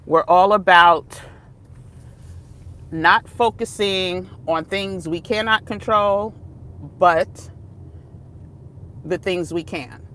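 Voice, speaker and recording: Woman vlogger, casual chat, unhurried, digressive, laughs often. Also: fairly low pitch, fairly bright tone, a little hiss or hum. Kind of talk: casual vlog talk. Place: outdoors, moving between places.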